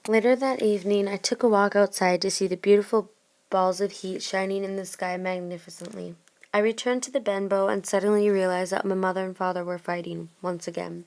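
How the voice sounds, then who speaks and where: A woman's voice: medium pitch, steady tone, brisk, darkish tone. Woman casually retelling a story. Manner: casual, plain reading. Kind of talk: retelling a story in first person.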